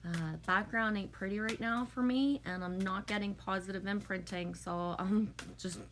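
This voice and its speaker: A woman's voice: mid-range voice, fairly even intonation, normal speed, a bit bright, slight background noise. A woman hosting a casual livestream, reading out and answering her viewers' comments in a chatty, emotional way. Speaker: livestream host. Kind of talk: casual chat with a live audience.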